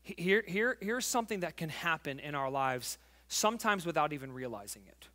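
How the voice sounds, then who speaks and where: A man in his forties preaching a sermon as pastor, fervent and emphatic, telling a family story and dropping to quiet intimacy. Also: a little high, lively intonation, brisk. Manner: tells a family story, acting out the voices.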